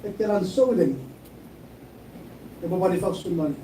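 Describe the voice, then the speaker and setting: A man's voice: high voice, expressive, normal speed, mellow. A man preaching a sermon, switching between English and Chuukese and repeating his phrases. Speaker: pastor. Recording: echoey room, mic at a distance, faint noise.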